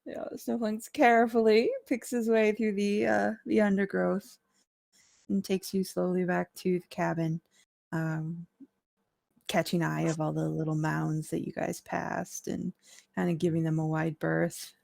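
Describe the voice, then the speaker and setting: A woman narrating as dungeon master of a tabletop game, relaxed, with filler words and easy laughter. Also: on the low side, a little slow, vocal fry.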